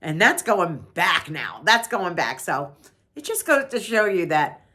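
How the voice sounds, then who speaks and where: A woman's voice: on the low side, sing-song, measured pace, sharp tone. A middle-aged woman from New York, telling a funny story to her channel in a chatty way and laughing often. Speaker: vlogger. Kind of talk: casual storytelling.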